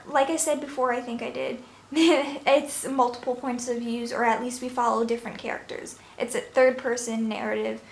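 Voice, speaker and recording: Young woman rambling about books, kinda high voice, echoey room. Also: fairly bright tone. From New York. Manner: chatty, rambling, self-correcting with little laughs. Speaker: book vlogger. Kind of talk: casual book review. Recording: echoey room, faint noise.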